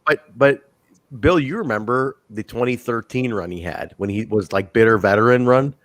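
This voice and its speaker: A man's voice: mid-range voice, normal speed, dry recording. A man co-hosting a casual wrestling review chat, telling stories with a laugh. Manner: laughing, animated storytelling with mock quotes. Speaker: podcast co-host.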